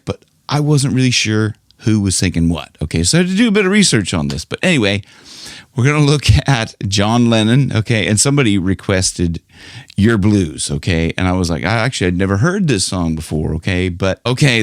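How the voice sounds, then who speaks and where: A middle-aged man teaching singing in a casual, chatty online lesson, who keeps breaking into loud nasal sung demonstrations. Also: fairly low pitch, no echo, studio quality. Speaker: vocal coach.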